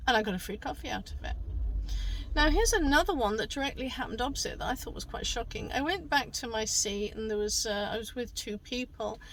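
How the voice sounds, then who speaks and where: A woman's voice: on the high side, lively intonation, a little fast, a bit bright, a little hiss or hum, poor audio. A middle-aged woman talking casually as a tarot reader, rambling with many fillers and restarts. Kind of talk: casual monologue.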